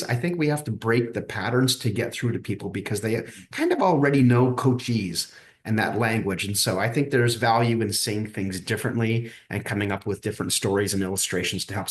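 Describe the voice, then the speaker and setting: Low-voiced man telling coaching stories. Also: reverberant. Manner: animated storyteller who acts out quoted dialogue. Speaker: coach and guest. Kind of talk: casual podcast interview storytelling.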